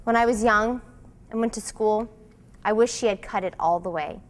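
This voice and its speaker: A woman giving a dramatic solo performance of a novel's excerpts, with a slow, deliberate and emotionally charged delivery. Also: a little high.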